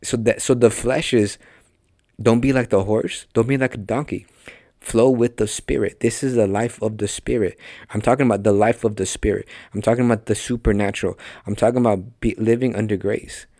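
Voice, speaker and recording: Man, podcast preacher, low and dry, emphatic, talks right at his listeners. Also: fairly even intonation, a little fast, mellow, no room sound. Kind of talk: conversational sermon teaching.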